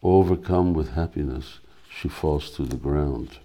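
A man reading a devotional drama aloud, slow and deliberate, with hesitant asides. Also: very deep voice, warm tone. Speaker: reader.

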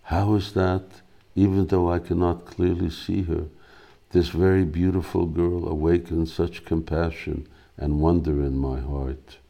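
A man's voice: sits low, little pitch movement, measured pace, vocal fry, warm tone, full character voice. A man voicing a wise elderly female ascetic in a read-aloud drama, in a stern, plainly read manner.

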